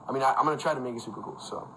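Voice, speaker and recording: A man's voice: medium pitch, quick pace, bright, forceful tone, slight background noise, rough recording. A young man hosting a casual phone livestream from home, talking loosely with lots of fillers and frequent laughs. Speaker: livestream host. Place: indoors at home with a fan.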